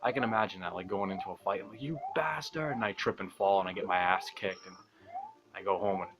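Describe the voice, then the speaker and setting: A young man telling a long story as he plays a video game, rambling, swearing and mocking himself, speaking softly because it is late at night. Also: low voice, flat delivery, fast talker, noisy background. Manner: rambling, profane, self-mocking, laughs often. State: talking quietly at night. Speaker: gaming channel host. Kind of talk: casual storytelling over gameplay.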